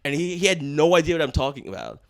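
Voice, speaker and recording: Animated swearing comedian telling a story. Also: male voice, a little high, fast, creaky. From Washington, D.C. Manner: animated, swears a lot, slangy. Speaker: stand-up comedian guest. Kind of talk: casual storytelling chat.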